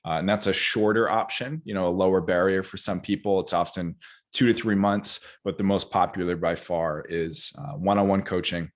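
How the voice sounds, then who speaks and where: A man with a very low voice speaks as a guest nutrition coach on a podcast interview. He talks energetically and emphatically, breaking into animated asides. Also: moderate pace.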